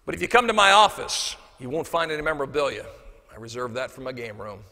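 A male motivational speaker delivering a storytelling keynote on stage, animated, switching between loud bursts and hushed asides. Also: mid-range voice, fast. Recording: echoey large hall.

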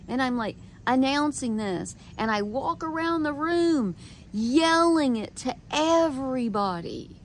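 A woman talking straight to camera, telling a personal story in an animated way and acting out her own quoted thoughts. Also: a little high, measured pace, a little hiss or hum. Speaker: video creator.

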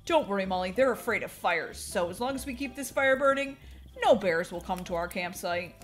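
A woman's voice: mid-range voice, expressive, a little fast, faint music behind, lightly acted. A woman voicing an eager, stubborn dad set on a camping trip in a game role-play, upbeat and insistent. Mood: cheerful. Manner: upbeat, insistent, bursts into yelling. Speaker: roleplay gamer.

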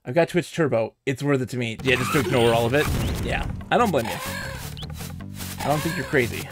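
A man's voice: mid-range voice, fairly quick, over music. A man streaming a video game at home, chatting casually in a giggly, rambling way and telling stories with animation. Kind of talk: casual live-stream chat.

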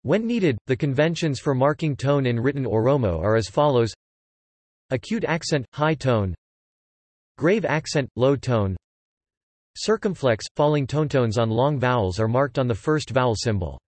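A computer-generated man's voice reading an encyclopedia article, flat and even in delivery. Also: medium pitch, normal speed, no room sound. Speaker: text-to-speech reader. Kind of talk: synthetic encyclopedia narration. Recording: dry, close synthetic audio.

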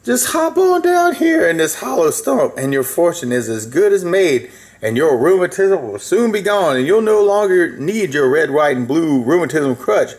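A man's voice: a little high, sing-song, normal speed, darkish tone. A man voicing a sly, hungry big black bear who lures his prey with coaxing talk. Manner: coaxing and sly, then harsh.

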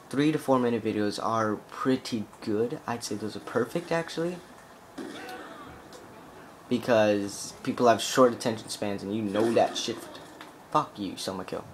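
A man's voice: fairly low pitch, a little hiss or hum. A young man giving casual, rambling gameplay commentary full of "like" fillers and swearing as he plays. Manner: rambling, profane, heavy on "like" fillers.

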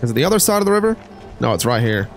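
A man's voice: mid-range voice, sing-song, rapid-fire, faint music behind. A man streaming a game, rambling and joking with chat in casual gameplay commentary.

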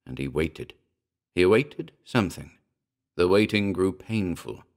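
A man giving a measured, grave, scripted narration of a horror story. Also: low-pitched, animated. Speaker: audiobook narrator.

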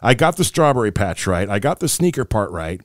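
Animated joke-telling dad host. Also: male voice, lowish voice, fairly quick, no room sound, studio quality. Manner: jokey, animated storyteller, acts out voices in jokes. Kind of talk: casual podcast chat.

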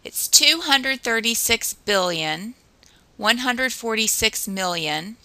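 A woman teacher narrating a recorded math lesson, explaining patiently and counting through drills slowly. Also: on the high side, animated, sharp tone, no echo, poor audio.

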